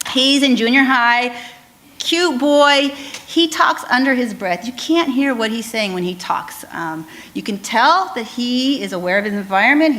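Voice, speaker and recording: A woman speech pathologist giving an animated conference talk, telling stories with frequent ums and restarts. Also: medium pitch.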